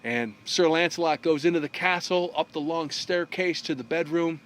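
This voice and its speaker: Male storyteller, slightly high voice, lively delivery that briefly voices each character. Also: normal speed. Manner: animated storyteller, briefly acting out the characters' lines. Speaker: speaker telling a story. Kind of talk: storytelling talk.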